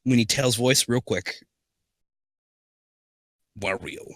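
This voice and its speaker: A man's voice: medium pitch, takes it slowly, no echo. A man doing a casual comedic reading, mumbling asides and joking with a co-host. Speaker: comedy reader.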